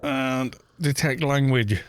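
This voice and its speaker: A man's voice: mid-range voice, slow pace, clean tone. A man with a Welsh accent from Wales, chatting casually and rambling with joking asides while streaming a game. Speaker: gaming streamer. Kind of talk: casual live-stream chat.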